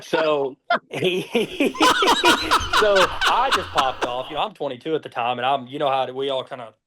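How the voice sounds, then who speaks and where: A young man from Georgia, telling profane, lively race stories as a podcast guest. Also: mid-range voice, a little fast, heavy background noise. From Georgia, USA. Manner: profane, lively anecdotes with acted-out dialogue. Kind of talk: casual storytelling.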